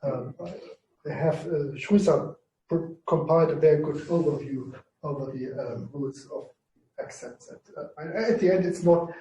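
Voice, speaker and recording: Halting male lecturer in a roomy space. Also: on the high side, fairly even intonation, dark tone. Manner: halting, repeats words while explaining. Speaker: Greek lecturer. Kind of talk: university class discussion. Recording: roomy, distant mic.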